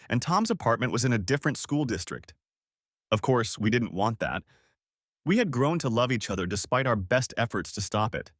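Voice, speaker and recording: Audiobook wife narrator, voiced by a man: gentle, pleading, expressive pitch, dry sound. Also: no room sound, close to an everyday voice. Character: soft-spoken unfaithful wife, middle-aged woman. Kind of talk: audiobook story reading.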